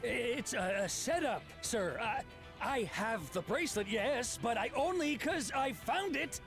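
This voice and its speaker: A man's voice: expressive, a little slow, a bit bright, soft background music, full character voice. An actor playing a cornered male outlaw in a game, stammering and pleading, then threatening. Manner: stammering, pleading, turns to a low growl.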